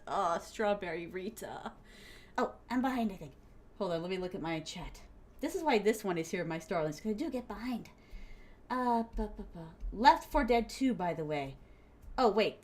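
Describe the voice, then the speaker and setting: Bubbly high-voiced young woman streamer. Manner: bubbly and giggly, many fillers, high squeals; fond pet names for viewers. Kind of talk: casual chat while gaming.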